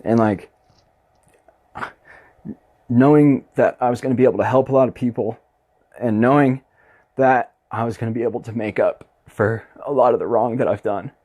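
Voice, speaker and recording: A man's voice: medium pitch, moderate pace, long pauses, no room sound, lo-fi sound. A young man hosting his own podcast, ranting bluntly and passionately with constant swearing in a casual monologue. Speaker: podcast host.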